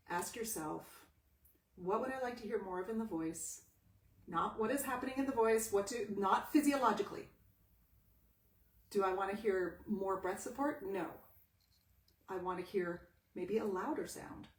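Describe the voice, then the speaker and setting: A woman's voice: on the high side, animated, normal speed, pauses often. A woman voice teacher giving a live-streamed talk at home, animatedly asking and answering her own questions. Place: home room with a pet cat. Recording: echoey room, distant mic.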